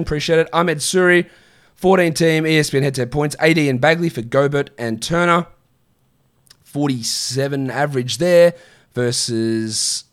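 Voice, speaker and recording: A man hosting a casual live-stream show, answering viewer questions in a chatty, offhand way. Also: mid-range voice. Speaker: fantasy basketball show host.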